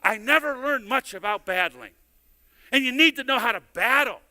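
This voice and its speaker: A man's voice: very high-pitched, lively intonation, moderate pace, sharp tone. A middle-aged male pastor preaching a sermon in a church, telling stories conversationally and often repeating words as he goes. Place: church sanctuary. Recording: long hall reverb.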